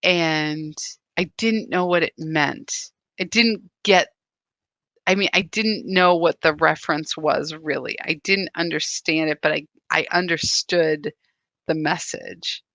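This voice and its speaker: Gravelly, bright-toned woman giving a spiritual talk. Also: low voice, steady tone, measured pace, dry recording, rough recording. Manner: conversational, rambling, with checks like "right?". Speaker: spiritual guide. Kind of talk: live-streamed spiritual talk.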